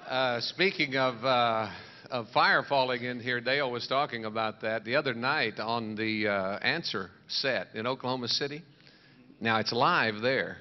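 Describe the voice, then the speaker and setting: A man's voice: medium pitch, measured pace. A man, a pastor, telling a funny story to a crowd in an easygoing way. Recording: lo-fi 1980s broadcast, crowd noise.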